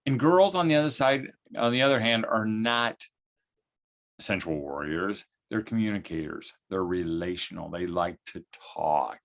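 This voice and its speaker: A man giving a folksy, humorous storytelling talk to parents, full of vocal sound effects. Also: on the low side. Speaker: speaker at a homeschooling event.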